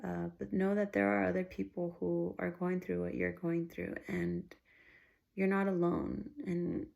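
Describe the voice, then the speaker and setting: A woman speaks to her viewers in a heartfelt, faith-based vlog. Her voice sits fairly low and has a gravelly, creaky fry. She talks earnestly and loosely, restarting her sentences and sometimes dropping almost to a whisper. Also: little pitch movement, unhurried, a little mellow. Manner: earnest, rambling, with frequent restarts. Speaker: vlogger.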